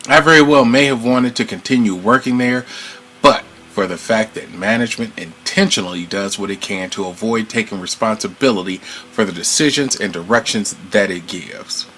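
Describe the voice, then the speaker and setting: Low-voiced man reading a formal complaint letter. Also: a bit bright, a little hiss or hum, poor audio. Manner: measured, formal, aggrieved. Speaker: former retail employee. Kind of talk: reading an open letter to camera.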